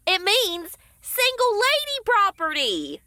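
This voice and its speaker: A scheming real-estate cat, played by a woman in an audio comedy, salesy and conspiratorial. Her voice is high and bright, bouncing up and down. Dry, close recording. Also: wildly swooping pitch, slow pace, no echo, heavily acted.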